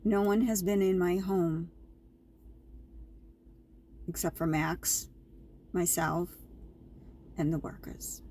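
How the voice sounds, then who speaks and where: A woman's voice: fairly low pitch, steady tone, slow, pauses often, warm tone, slight background noise. A woman vlogger casually telling her viewers a story, chatty and repetitive, with an indignant edge.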